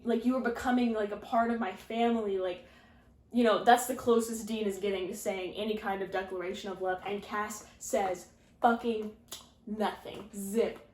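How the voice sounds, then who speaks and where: A woman's voice: mid-range voice, a little mellow. Rambling woman recapping in an echoey room. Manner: rambling, heavy use of "like", sarcastic asides. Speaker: video essayist recapping a fanfiction. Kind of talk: casual recap.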